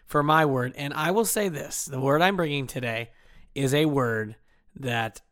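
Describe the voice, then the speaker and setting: A man's voice: mid-range voice, unhurried, a bit bright, no room sound. Dry-miked man, stumbling podcast chat. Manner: stumbles over words, laughs easily. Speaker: podcast co-host. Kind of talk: casual comedic chat.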